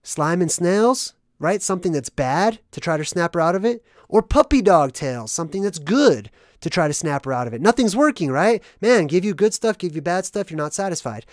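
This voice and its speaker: Rambling vlog host, mid-pitched, tags every point with "right?", jumps from loud to quiet, dry close sound. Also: lively intonation, normal speed, few pauses, dry recording. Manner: rambling, constant "right?" tag questions. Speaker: movie analysis vlogger. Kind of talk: casual monologue explaining hidden meanings.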